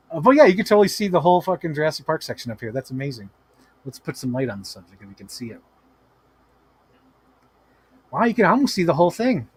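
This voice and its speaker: A man hosting a toy-collecting live stream at home, telling stories in a casual, animated way with lots of swearing and laughter. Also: a little high. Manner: animated, profane, laughing storyteller. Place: home room with toy shelves.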